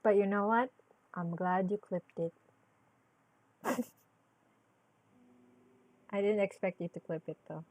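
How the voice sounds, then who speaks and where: A woman's voice: mid-range voice, takes it slowly, pauses often, darkish tone, dry recording. A woman chatting casually while drawing on a live stream. She giggles a lot, swears freely, bursts into squeals, and drops Japanese exclamations into her talk.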